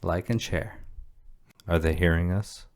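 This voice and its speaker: A man with a low, slightly mellow voice co-hosts a casual podcast at a somewhat slow pace. He rambles, restarts his sentences, and swears casually as he chats.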